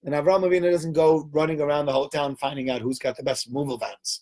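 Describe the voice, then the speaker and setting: A teacher with a fairly high voice speaks quickly as he gives an informal Torah talk to a group. He's an animated storyteller who acts out the dialogue in his stories.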